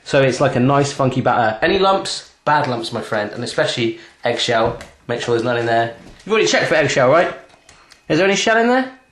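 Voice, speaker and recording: A man's voice: mid-range voice, sing-song, fairly quick, a bit bright, echoey room. A man hosting a casual cooking demonstration in his home kitchen, chatty and teasing as he cooks alongside a child. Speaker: cooking show host.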